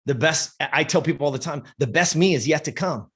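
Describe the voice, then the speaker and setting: A man's voice: a little high, a little fast, fairly bright tone, breathy edge. A man giving a blunt, profane motivational talk as a podcast guest. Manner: blunt, intense, swears often.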